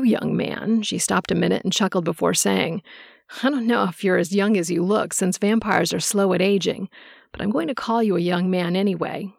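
A motherly, centuries-old seer woman, calm and soothing, as a female narrator plays her. Her voice carries a gravelly texture in a dry, close recording. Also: medium pitch, no echo.

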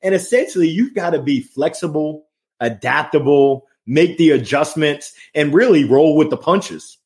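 A man talking as a guest in a casual conversation, energetic and passionate, joking and laughing, on a remote video call. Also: fairly high pitch, moderate pace.

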